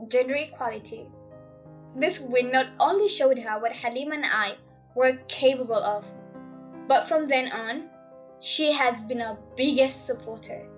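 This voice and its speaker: A young woman reading her part of a personal story aloud in a heartfelt, hopeful way. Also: fairly high pitch. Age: young adult. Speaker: story reader. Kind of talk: scripted narration. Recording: slightly dull, lo-fi sound.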